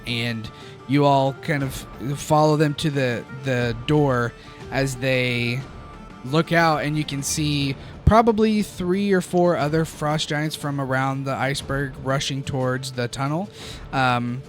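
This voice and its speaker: Slow-talking game master, laughing a lot. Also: male voice, mid-range voice. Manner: relaxed, halting, laughs often. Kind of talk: narrating a tabletop game.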